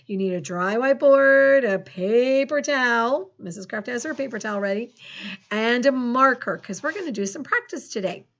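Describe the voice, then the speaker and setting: A woman's voice: a little high, expressive, lo-fi sound. Cheerful woman teacher spelling out words. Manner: upbeat, encouraging, spells words slowly letter by letter. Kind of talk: remote phonics lesson for children.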